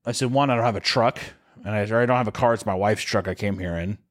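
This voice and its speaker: Drunk guy rambling thru a crude story, swears a lot, suddenly yells high for bits. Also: fast talker. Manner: profane, rambling, leaps into shrill screams for bits. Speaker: podcast co-host. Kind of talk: comedic storytelling.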